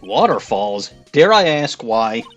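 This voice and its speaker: A man hosting a comedic game playthrough voice-over, sarcastic and deadpan as he reads and comments. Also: mid-range voice, takes it slowly, muffled recording, faint music behind. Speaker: host.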